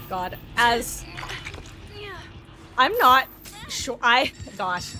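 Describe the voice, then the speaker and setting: A woman live-streaming a game, chatting casually with viewers in an excitable, talkative way on a desktop mic. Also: on the high side, soft background music. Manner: chatty and excitable, quick bursts of laughter. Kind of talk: casual gameplay chat with viewers.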